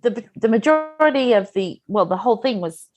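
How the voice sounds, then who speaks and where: A woman's voice: a little high, expressive, a little fast, over music. A woman hosting a podcast, asking her guest a question with some hesitation and restarts. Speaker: podcast host. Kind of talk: conversational podcast interview.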